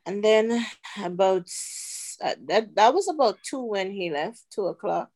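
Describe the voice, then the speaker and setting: A middle-aged woman sharing a personal testimony as a podcast guest, earnest and unhurried with pauses. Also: medium pitch, expressive, a little mellow. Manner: earnest, slow storytelling with pauses.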